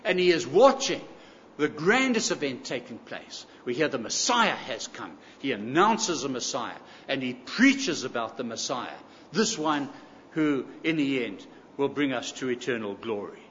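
A man's voice: medium pitch, big pitch swings, a little slow, a bit bright, a little hiss or hum. A man preaching a sermon, emphatic, repeating key phrases and asking the congregation rhetorical questions. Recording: echoey hall, slightly dull sound.

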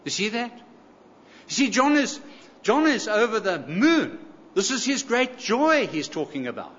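Aussie preacher guy, high lively voice, keeps hammering the point, bit dull echoey hall sound. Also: measured pace. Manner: emphatic, repeats key phrases, rhetorical questions. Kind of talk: sermon.

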